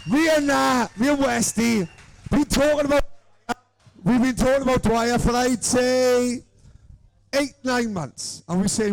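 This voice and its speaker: A man's voice: very high-pitched, a little slow, creaky. A man co-hosting a live podcast, telling rambling anecdotes and swearing constantly. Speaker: podcast co-host. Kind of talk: crude live podcast storytelling. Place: live show in a room with an audience.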